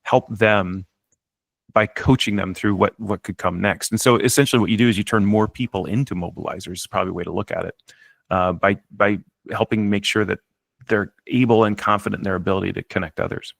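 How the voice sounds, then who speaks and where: Guy talking fast, kinda low voice, super animated storyteller, lots of restarts, dry sound. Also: gravelly, no room sound. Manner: animated, acts out quotes, frequent restarts. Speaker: author and guest. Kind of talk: conversational interview storytelling.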